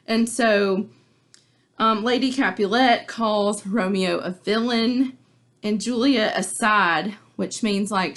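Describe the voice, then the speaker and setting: Her medium-pitched voice is a bit bright as she, a teacher, informally runs back over a play for her class. The recap is chatty and filler-heavy, full of likes and ums.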